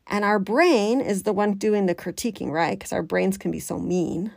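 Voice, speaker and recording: A woman life coach, talking to her listeners in a chatty, animated way and slipping into the voice of her inner critic. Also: mid-range voice, moderate pace, gravelly, few pauses, no room sound, clean studio sound. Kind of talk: coaching podcast talk.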